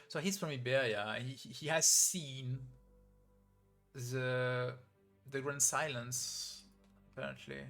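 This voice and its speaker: A man's voice: medium pitch, steady tone, slow, creaky, long pauses, bright, forceful tone, soft background music. A man streaming a story game, reading it aloud and commenting with hesitant, stammering restarts.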